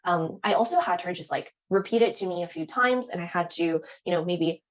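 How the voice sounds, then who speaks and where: A young woman instructor walks students through admissions interview answers in a relaxed, conversational way. Her voice sits a little low, and she leans on fillers and "right?" to keep it friendly. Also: a little fast, rough recording. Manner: casual, frequent "right?" and "um". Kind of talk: teaching admissions interview skills.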